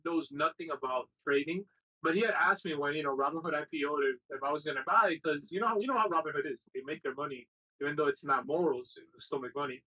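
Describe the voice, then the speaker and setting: A man co-hosting a live trading stream, talking in an animated, slangy way and swearing freely. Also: a little high, fast talker, dull audio. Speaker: stock trading co-host. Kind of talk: casual live-stream chat.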